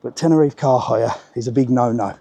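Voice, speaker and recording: Out of breath on a hillside street, a travel vlogger from Birmingham, England chats casually during a live vlog, his talk full of informal slang. His voice is medium-pitched, gravelly and mellow, a little fast, with no echo.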